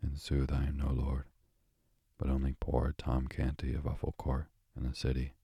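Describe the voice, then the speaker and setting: A man reading a frightened pauper boy, very deep. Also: completely flat delivery, moderate pace, warm tone, slightly rough, no echo, heavily acted. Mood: pleading. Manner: pleading, archaic speech.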